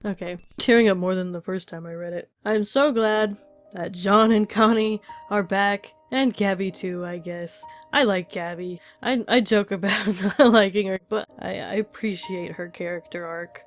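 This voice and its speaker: A woman's voice: medium pitch, moderate pace, soft background music. A woman giving a casual, emotional spoken review of a manga chapter, laughing often and gushing, with many fillers. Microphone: desk mic while reading.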